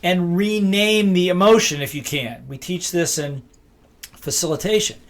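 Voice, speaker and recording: Emphatic high-voiced man teaching. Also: normal speed. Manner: emphatic, repeats key phrases, acts out both sides of dialogues. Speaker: business speaker and trainer. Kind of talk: motivational teaching talk.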